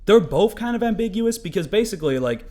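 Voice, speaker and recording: This young gaming commentator has a high, somewhat mellow voice and talks fast and animatedly. His casual commentary over gameplay rambles along, full of swearing and filler words.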